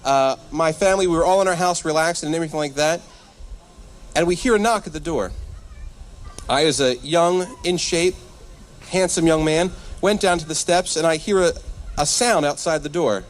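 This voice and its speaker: A man in his thirties doing stand-up comedy at a live church event, animated and self-deprecating, talking straight to the crowd. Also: a little high, moderate pace. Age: 30s.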